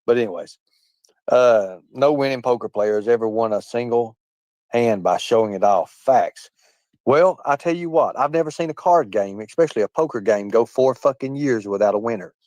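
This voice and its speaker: A man's voice: mid-range voice, moderate pace, darkish tone, no room sound. A man hosting a live stream, ranting combatively and swearing heavily, often repeating himself and addressing his chat directly. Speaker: livestream host. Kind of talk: profane live-stream rant.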